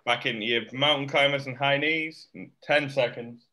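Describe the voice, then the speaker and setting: A man's voice: mid-range voice, fairly even intonation, normal speed, sharp tone. A man coaching a live workout class over a video call, counting down sets and giving short encouraging cues. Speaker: fitness coach.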